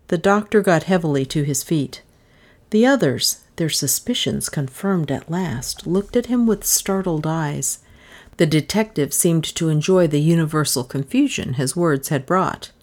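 A woman reading a novel aloud in measured, dramatic narration. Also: sits low, darkish tone. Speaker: audiobook narrator. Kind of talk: scripted narration.

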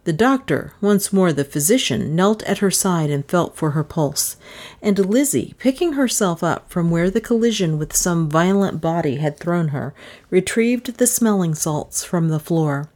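A woman reading a novel aloud in measured, dramatic narration. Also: on the low side, animated, a little mellow. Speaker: audiobook narrator. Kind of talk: scripted narration.

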